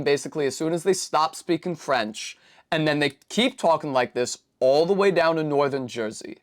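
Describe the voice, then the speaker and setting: A woman's voice: low-pitched, normal speed. A woman from New England streaming casually as she builds a Lego set, rambling through long digressions with many fillers and self-corrections. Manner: rambling, digressive, chatty explainer.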